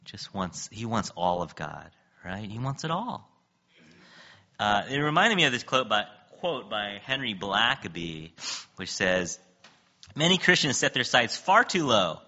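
A man delivers a conversational sermon with a very bright, edgy tone and a lively, swooping pitch. He jokes, laughs often and acts out scripture dialogue with big jumps in pitch. The recording sounds dull and lo-fi. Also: a little slow. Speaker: pastor.

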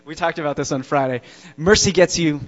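A man preaching a sermon to a congregation in a church, emphatic and slowing down to stress key words. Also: fairly high pitch. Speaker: pastor. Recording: dull lo-fi sound.

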